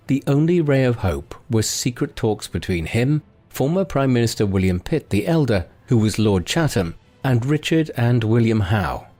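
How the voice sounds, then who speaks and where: Man narrating history with lively pitch. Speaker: documentary narrator. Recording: faint music bed.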